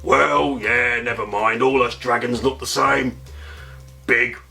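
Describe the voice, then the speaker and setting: A man voicing a huge, blunt female dragon with a slow, drawling delivery, for a bedtime storybook. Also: mid-range voice, steady tone, vocal fry, sharp tone, soft background music, pitched below the performer's own voice, exaggerated voice.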